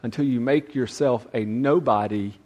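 A man's voice: mid-range voice, normal speed, lo-fi sound. A man preaching a youth sermon, conversational and emphatic with folksy asides.

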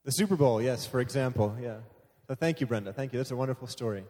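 A man's voice: mid-range voice, fast, mellow. A man leading a church sharing time, talking conversationally and joking about himself with frequent laughter. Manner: conversational, self-deprecating, laughs often. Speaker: service leader. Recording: echoey hall.

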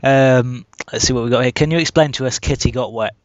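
A man's voice: medium pitch, fairly even intonation, fairly quick, no echo, muffled recording. A man hosting a podcast, asking interview questions casually with hesitant fillers. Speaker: podcast host.

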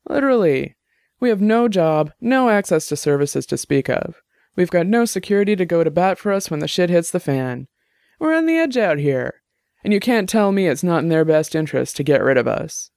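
Guy doing a loud combative tipsy woman, pitched way up, storybook reading. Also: big pitch swings, moderate pace, vocal fry, dry recording, studio quality, exaggerated voice. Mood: argumentative. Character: argumentative tipsy young woman musician.

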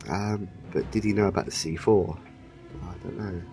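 A man in casual chat about a TV show, talking animatedly and breaking into quick impressions. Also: deep voice, fairly even intonation, dark tone, faint music behind.

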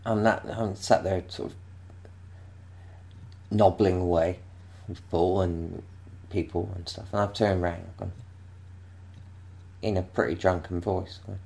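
Deep gravelly man telling a rambling story. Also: fairly even intonation, a little slow, pauses often, darkish tone. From England. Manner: rambling, self-interrupting, laughing storyteller. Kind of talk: casual anecdote.

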